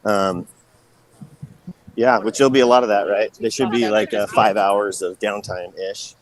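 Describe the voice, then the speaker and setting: A man's voice: on the low side, normal speed, poor audio. Easygoing man calling in from a festival. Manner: relaxed, easygoing, distracted. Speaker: field reporter at a festival. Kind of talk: casual chat by phone call.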